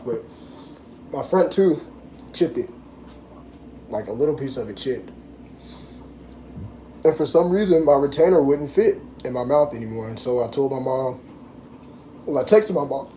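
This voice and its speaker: A man's voice: medium pitch, warm tone, a little hiss or hum. A young man vlogging to camera, telling a story in loose, rambling casual chat full of fillers.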